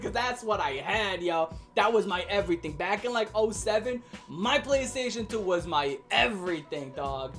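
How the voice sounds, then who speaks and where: Animated, profane young man telling a story. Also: high voice, normal speed, hardly any pauses, soft background music. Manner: animated, profane, laughing, slangy. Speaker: vlogger ranting about his childhood. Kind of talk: casual storytelling rant.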